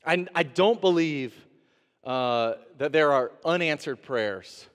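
A man, an interim pastor, preaching a sermon with animated delivery, acting out the prophet's pleas and God's replies. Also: a little high, slow pace. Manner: animated preaching, acts out voices of God and the prophet. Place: church sanctuary. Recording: long reverb of a church sanctuary.

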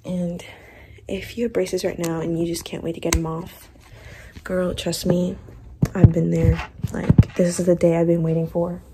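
A teenage girl chats to her camera, giddy and nervous, filling her talk with "like" and sliding into whispers now and then. Her voice is mellow and a little dark, and it sounds roomy, with a faint hiss behind it. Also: on the low side, level tone, moderate pace. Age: teens. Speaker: vlogger. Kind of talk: casual vlog talk to camera.

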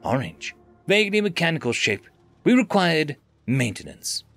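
A man's voice: fairly high pitch, wildly swooping pitch, normal speed, fairly bright tone, no echo, faint music behind. A man narrating a scripted science fiction story in a dramatic, dry manner.

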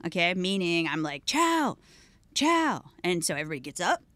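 Podcast guest, woman, lively storyteller who acts out quoted voices, dry close-miked studio sound. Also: on the low side, fast, no echo. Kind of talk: casual storytelling chat.

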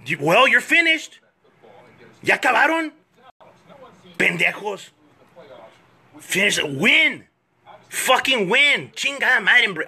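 A man ranting profanely as a comedian, switching fast between English and Spanish. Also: very high-pitched, expressive, pushed and bright, husky. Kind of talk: comedic rant to camera.

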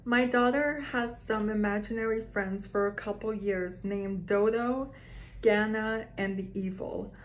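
Slow-reading woman telling creepy stories. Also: medium pitch, fairly even intonation, slight background noise. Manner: slow, reads aloud with asides and reactions. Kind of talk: casual reading of scary stories to viewers.

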